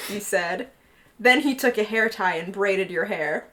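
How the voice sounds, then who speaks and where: A woman's voice: medium pitch, animated, unhurried, pushed and bright, a little hiss or hum. A woman co-hosting a podcast, reading fan fiction aloud and joking around. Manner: jokey, teasing. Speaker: podcast co-host.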